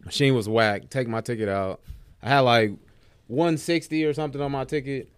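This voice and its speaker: Man, smooth resonant voice, dry close sound, animated casual storytelling. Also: moderate pace, no echo. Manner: animated, mimics others in high-pitched voice. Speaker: podcast co-host.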